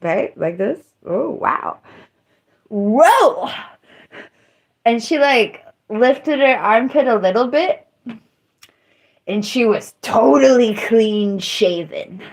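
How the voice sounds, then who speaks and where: A woman live streamer chatting casually to her viewers. She rambles loosely, mocks herself and breaks into squeals and yells. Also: on the high side, animated, slow, pauses often. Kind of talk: casual livestream chat.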